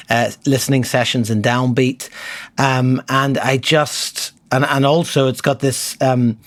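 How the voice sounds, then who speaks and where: A man's voice: mid-range voice, no room sound. Thoughtful man, dry close sound. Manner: thoughtful, hesitant with many fillers. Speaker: podcast co-host. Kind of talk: reflective casual chat.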